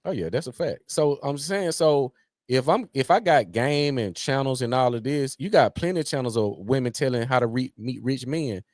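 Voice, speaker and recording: A man in casual podcast chat, animated and emphatic, repeating his points for effect. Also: mid-range voice, moderate pace, no echo, clean studio sound. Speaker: podcast co-host.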